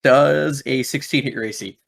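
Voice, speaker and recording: A man's voice: medium pitch, moderate pace, gravelly. A young man running a tabletop game as game master, rambling with many fillers and laughing at his own slips.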